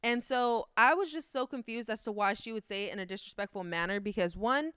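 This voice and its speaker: A young woman co-hosting a podcast, telling a story in a casual, animated way with a lot of slang and swearing. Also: fairly high pitch, brisk, clean tone, no room sound. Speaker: podcast co-host. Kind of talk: casual chat.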